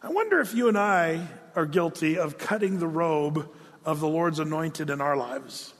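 A man's voice: fairly high pitch, expressive, normal speed, big-room sound. A man preaching a sermon, telling a story and acting out the quotes with playful asides. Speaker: pastor.

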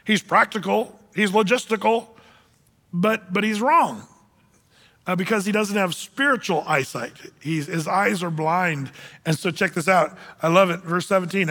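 A man preaching a sermon, telling the story in a lively way and acting out the characters as he goes. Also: high-pitched, measured pace, long reverb tail. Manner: animated storytelling, acts out characters. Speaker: pastor.

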